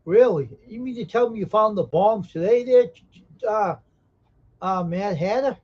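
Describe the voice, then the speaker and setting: A Southern American man streams live from indoors at home, speaking straight to chat with folksy jokes and reading comments aloud. He talks a little slowly in a high-pitched voice over dull lo-fi audio.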